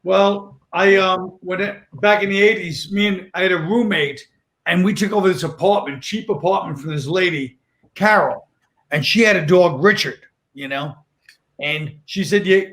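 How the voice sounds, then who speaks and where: Deadpan storytelling man, high voice. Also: moderate pace. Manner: deadpan, dark storytelling with acted quotes. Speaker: comedian guest. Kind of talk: casual storytelling.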